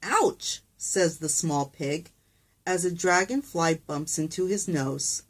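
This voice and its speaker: A woman's voice: deep voice, slow. A woman teacher reading a picture book aloud to children, patient and encouraging, with asides to the kids.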